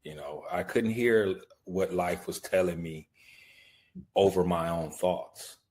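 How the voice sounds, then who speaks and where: A man speaking slowly and reflectively as a podcast guest. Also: low-pitched, darkish tone, slight background noise. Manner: slow and reflective. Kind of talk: reflective interview talk.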